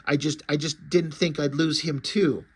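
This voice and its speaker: A bitter, heartbroken wife and mother pleading for revenge, as a man reads her aloud. The voice stays low and quiet. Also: fairly even intonation, moderate pace, breathy edge.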